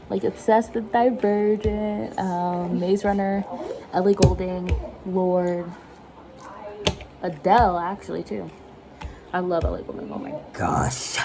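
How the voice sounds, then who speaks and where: A woman's voice: mid-range voice, warm tone, slight background noise. A woman in her twenties chatting casually while cooking at home, rambling and self-mocking and laughing often. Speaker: vlogger. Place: home kitchen.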